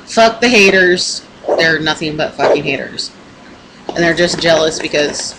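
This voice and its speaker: A woman's voice: low-pitched, unhurried. Young woman ranting with heavy swearing. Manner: profane, rambling, emphatic. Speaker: vlogger. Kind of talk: casual pep-talk rant to camera. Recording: noisy home recording.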